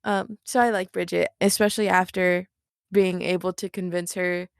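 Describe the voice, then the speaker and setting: A woman's voice: fairly low pitch, flat delivery, moderate pace, gravelly, clean tone, no echo, clean studio sound. Giggly, blunt woman in podcast chat. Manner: giggly and blunt, swears freely. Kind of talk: casual chat.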